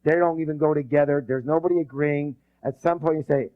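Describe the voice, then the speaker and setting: Energetic male seminar speaker, muffled recording. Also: a little high, a little fast. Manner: energetic, quizzes the audience with call-and-response. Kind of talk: live seminar lecture.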